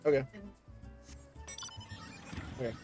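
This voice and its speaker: A man's voice: slow pace, dark tone, highs cut off, soft background music. A young man streaming a game and chatting in loose, slangy banter. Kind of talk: casual gaming chat.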